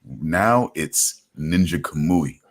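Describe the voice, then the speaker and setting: A man with a very low voice talks loosely in a casual podcast chat. He rambles, restarts often and leans on "you know what I'm saying". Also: lively intonation, takes it slowly. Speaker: podcast host.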